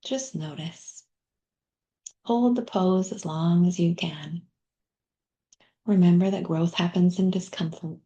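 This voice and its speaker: Middle-aged lady coach walking you thru a body practice, lowish warm voice, gentle n soothing. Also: slow, pauses often, highs cut off. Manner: gentle, soothing guidance with soft asides. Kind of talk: guided body practice workshop.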